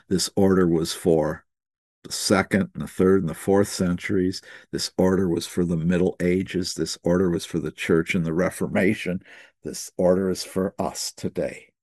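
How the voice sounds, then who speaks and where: A man's voice: sits low, darkish tone, no echo, clean studio sound. An older man preaching in a conversational storytelling way, often repeating words as he restarts. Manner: repeats words while restarting, chatty asides. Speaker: pastor.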